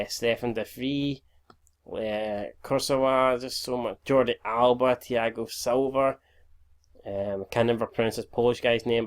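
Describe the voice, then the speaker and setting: A man in his twenties commentating his own video game, chatty and sweary, tired and stumbling over words as he records in the early morning. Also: medium pitch. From Scotland. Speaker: gaming YouTuber. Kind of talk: casual gameplay commentary.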